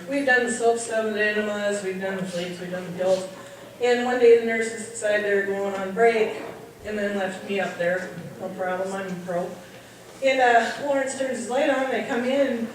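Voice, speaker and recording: A woman delivers comic nursing stories with lively, acted-out voices. Her fairly high voice sounds distant, caught from across an echoing hall. Steady background noise sits under the whole recording. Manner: animated, acts out voices of people in her stories. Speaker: nurse telling comic stories. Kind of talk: stand-up comedy storytelling. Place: party hall, heard from far off.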